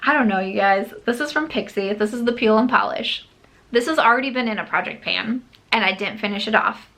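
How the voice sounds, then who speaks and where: A woman's voice: on the high side, a little fast, fairly bright tone. A woman beauty vlogger chatting casually to camera, emphatic and scolding herself with mock exasperation. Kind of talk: casual vlog chat.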